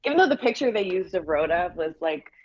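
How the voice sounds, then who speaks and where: A woman talks through a story on a casual podcast, her voice low for a woman. She explains with lots of restarts and fillers. The sound is dull and lo-fi. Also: very animated, fast talker, darkish tone, slight background noise. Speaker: podcast guest. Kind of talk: casual chat.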